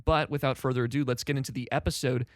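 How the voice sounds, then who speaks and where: A man's voice: medium pitch, fairly even intonation, fast talker, no echo, clean studio sound. A man co-hosting a film podcast, wry and joking in casual chat. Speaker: podcast co-host.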